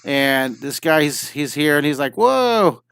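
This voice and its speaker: A man's voice: mid-range voice, level tone, normal speed, fairly bright tone, clean tone, no echo. Middle-aged male art teacher, live stream, enthusiastic step-by-step patter, clean resonant voice. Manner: chatty and enthusiastic, narrating each step as he draws. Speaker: drawing teacher. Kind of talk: live-streamed drawing lesson.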